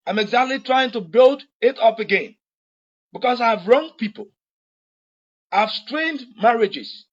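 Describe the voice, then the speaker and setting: Former official, Liberian English accent, unusually high-pitched man, repetitive heartfelt apology, muffled lo-fi recording. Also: moderate pace. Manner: earnest, repetitive, pleading. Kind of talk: public apology statement.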